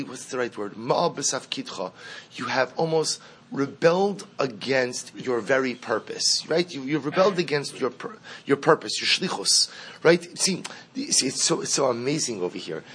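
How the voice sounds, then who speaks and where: A man's voice: mid-range voice, fairly bright tone, husky. A man teaching a class, reading a Hasidic story aloud and translating it line by line, repeating words for emphasis as he explains. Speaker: Torah teacher.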